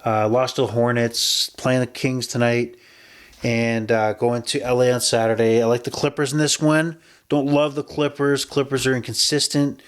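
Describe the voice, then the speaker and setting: A man talks through his sports betting picks as a podcast host, in a mid-pitched voice. He rambles casually and often stops to correct himself before pushing on with the next pick. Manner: chatty and rambling, with self-corrections.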